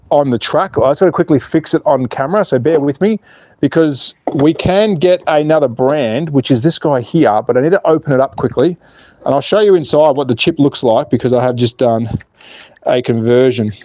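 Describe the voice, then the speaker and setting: A man's voice: a little high, a little fast, a little mellow, no echo. An Australian man hosting a casual livestream, chatting and joking with viewers as he works on his slot car track. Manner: chatty and joking, reads viewer comments aloud.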